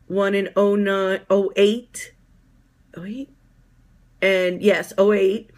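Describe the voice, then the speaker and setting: A woman in her fifties giving a heartfelt personal testimonial as a fitness coach, halting often with filler ums. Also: mid-range voice. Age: 50s.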